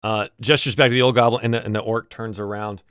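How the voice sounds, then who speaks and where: A man narrating as game master of a tabletop game, speaking haltingly with frequent restarts. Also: lowish voice, fairly even intonation, fairly bright tone, clear, resonant tone, dry recording, studio quality.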